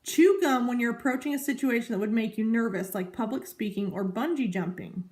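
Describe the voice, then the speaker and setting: Casting: woman, 30s, rambling vlogger voice, a bit high, roomy echo. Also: brisk, darkish tone. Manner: chatty, rambling, easily sidetracked. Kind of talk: casual chat to camera. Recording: echoey room.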